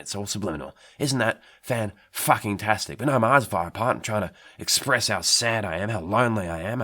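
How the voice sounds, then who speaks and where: A man playing a rambling, swearing Australian bloke who tells an absurd story in a deadpan way, with an Australian accent. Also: fairly low pitch. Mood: ranting. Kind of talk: absurd comic monologue.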